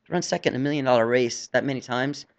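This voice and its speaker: A man's voice: medium pitch, fast talker, vocal fry. Chatty rambling jockey, middle-aged man. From New Jersey. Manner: rambling, chatty, laughs often. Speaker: jockey guest. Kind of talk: casual radio interview.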